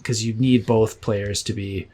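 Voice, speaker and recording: A man's voice: fairly low pitch, measured pace. Casual male podcast co-host. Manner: relaxed storytelling with many fillers. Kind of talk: casual chat.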